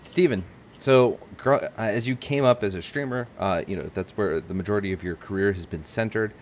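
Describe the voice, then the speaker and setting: A man's voice: fairly low pitch, a little fast, dull audio, a little hiss or hum. A man hosting a podcast, asking his guest long, rambling questions. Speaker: podcast host. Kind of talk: casual interview.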